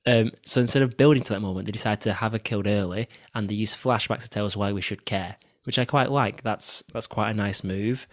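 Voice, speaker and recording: Host guy, lowish voice, dry sarcastic jabs, leads the film chat. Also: fairly quick, few pauses. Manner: steers the talk, dry sarcastic asides. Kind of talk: casual film review chat.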